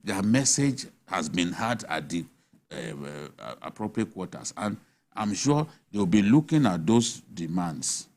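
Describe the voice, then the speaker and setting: A man's voice: low-pitched, sing-song, unhurried, darkish tone. A man with a Nigerian accent, speaking as a guest on a TV studio panel, arguing emphatically and asking rhetorical questions. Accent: Nigerian English. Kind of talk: animated studio panel discussion.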